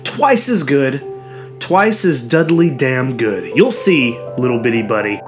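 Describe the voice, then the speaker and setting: A man's voice: medium pitch, animated, a little slow, faint music behind, close to an everyday voice. A man doing a bellowing, hearty gym-teacher dad. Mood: jovial. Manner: bellowing big-pal voice.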